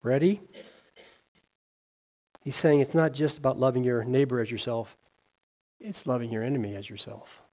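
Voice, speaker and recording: Earnest male preacher with a mellow voice. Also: normal speed, pauses often. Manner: earnest, rising on scripture and dropping low at line ends; reads scripture aloud, with small slips and restarts. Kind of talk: sermon.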